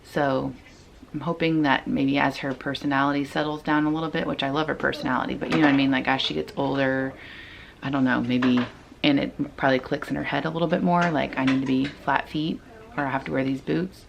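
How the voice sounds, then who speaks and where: A woman's voice: a bass voice, steady tone, fairly quick, creaky, dull audio, background noise. A young woman, a mother, chatting casually in a home vlog and explaining each step as she does it. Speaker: vlogger and mother. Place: home bedroom.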